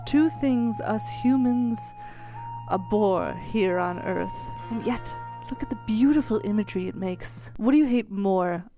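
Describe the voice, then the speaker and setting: A woman's voice: medium pitch, a little slow, dark tone, faint music behind. A woman hosting a comedy science interview, playful and teasing with mock-dramatic gasps. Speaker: comedy show host interviewing a guest. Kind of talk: comic interview banter.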